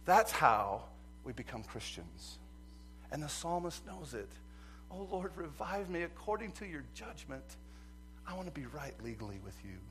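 A man preaching a sermon as pastor, swinging from quiet asides to loud emphatic passages and acting out a courtroom story. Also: a little high, animated, normal speed, soft background music. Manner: acts out courtroom scenes in quoted voices.

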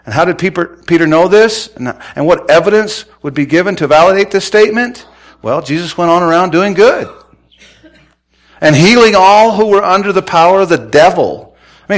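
A man preaching a sermon, telling stories in a folksy, conversational way and swinging from hushed tones to shouting. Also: a little high. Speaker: pastor.

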